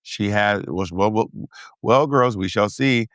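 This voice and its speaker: A middle-aged man in a casual podcast chat, joking, restarting his sentences and mimicking others in a high voice. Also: a little slow, fairly bright tone, dry recording, studio quality. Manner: joking, trailing restarts, mock quotes in high voice. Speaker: podcast co-host.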